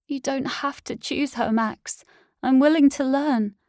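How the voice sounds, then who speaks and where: A woman's voice: high voice, steady tone, measured pace, darkish tone, no echo, clean studio sound, voice pushed up. A woman voicing a desperate young werewolf girl, pleading and tearful, in an audiobook. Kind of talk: audiobook character voice.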